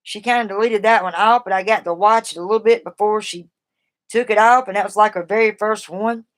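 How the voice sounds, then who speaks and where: A woman's voice: mid-range voice, a little fast. A woman from the East Coast with a Southern accent, chatting casually and rambling on a live stream as she gives advice to her viewers.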